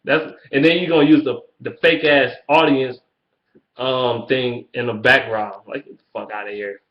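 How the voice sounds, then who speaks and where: A man rants straight into the camera about a rival team, profane and cocky. He keeps breaking into high, mocking sing-song taunts. The sound is dull and lo-fi, with a roomy echo around his voice. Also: steady tone, normal speed. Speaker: sports fan vlogger. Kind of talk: ranting fan response video. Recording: echoey room, dull lo-fi sound.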